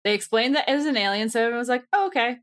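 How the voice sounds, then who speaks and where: A woman's voice: fairly high pitch, very fast, a bit bright. A woman co-hosting a podcast in casual chat, blunt and often laughing. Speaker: podcast co-host.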